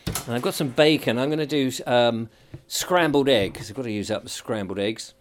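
Pottering around his kitchen near the stove, this middle-aged podcast host from England keeps a rambling, chatty audio diary and seems amused by himself. He speaks at normal speed in a medium pitch over slight background noise.

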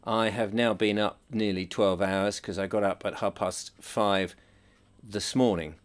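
A man's voice: fairly low pitch, fairly even intonation, measured pace. A middle-aged man in a casual audio diary, rambling and chatty while he potters in his kitchen. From England. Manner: rambling, chatty, self-amused. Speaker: podcast host. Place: home kitchen by a stove.

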